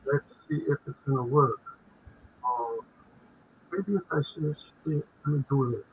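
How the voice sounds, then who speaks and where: An older man with a raspy voice, a guest accountant giving a faith-based finance talk on a video call, halting with many fillers and restarts. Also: mid-range voice, animated, highs cut off, slight background noise.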